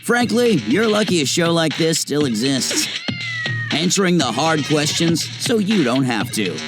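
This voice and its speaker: A smug announcer in a radio promo for a business show. His fairly high voice bounces in pitch with pompous punch, set over a loud music bed. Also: big pitch swings, a little slow.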